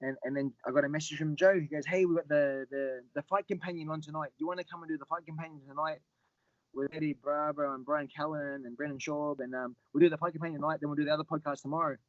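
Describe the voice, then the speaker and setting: A middle-aged man telling stories as a podcast guest, often repeating words and getting animated when he quotes other people. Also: fairly high pitch, quick pace, no echo, dull audio. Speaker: guest, Muay Thai fighter. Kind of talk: casual storytelling interview.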